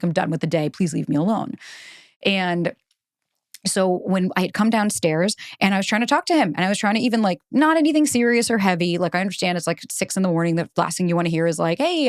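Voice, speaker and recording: A woman's voice: medium pitch, no room sound, studio quality. A woman hosting a solo podcast, telling stories candidly and animatedly, acting out quotes and swearing freely. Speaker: podcast host and relationship coach.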